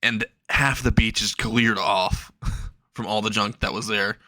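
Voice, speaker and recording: A man's voice: lowish voice, fairly even intonation, unhurried, sharp tone, no echo. Young male narrator, loose and rambling, dry close mic. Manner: casual, rambling, laughing asides. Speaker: fan fiction narrator. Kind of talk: casual storytelling.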